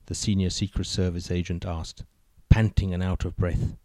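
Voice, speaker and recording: A man narrates a joke story at a steady, measured pace. His voice is low and mellow. The recording is close and dry, with no room sound. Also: no echo.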